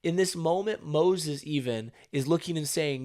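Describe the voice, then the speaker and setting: A man's voice: fairly high pitch, moderate pace, hardly any pauses, darkish tone. A man hosting a daily Bible podcast, reading a chapter and then explaining it in an earnest, emphatic way with many rhetorical questions. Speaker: podcast host.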